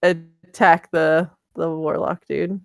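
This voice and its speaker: A woman's voice: low-pitched, level tone, takes it slowly, dry recording, studio quality. A woman playing a tabletop game over a voice call, thinking her move through aloud with hesitant fillers. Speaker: player. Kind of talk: casual tabletop game talk.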